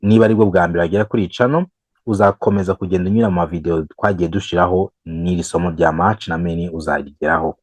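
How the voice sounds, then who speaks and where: Male English teacher, lowish voice, drills examples slowly, dry close sound. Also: fairly even intonation, no echo, low-quality recording. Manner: switches between English and Kinyarwanda, repeats examples slowly, counts the learner in. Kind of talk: bilingual grammar lesson.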